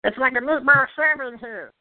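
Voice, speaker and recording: Meatwad, a squeaky childlike meatball, as a man puts him on. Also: normal speed, no echo. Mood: spooked. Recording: dry tinny phone line.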